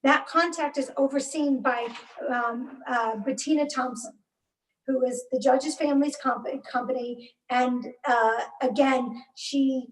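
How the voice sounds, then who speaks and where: A woman in her forties telling her own story as an interview guest, emotionally charged and halting, with bursts of anger. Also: high-pitched, fairly even intonation. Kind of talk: personal account in a podcast interview. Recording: roomy, distant mic.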